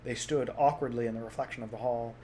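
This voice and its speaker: A man narrating a storybook aloud in a soft, measured reading voice. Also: medium pitch, fairly even intonation, slight background noise. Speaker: audiobook reader.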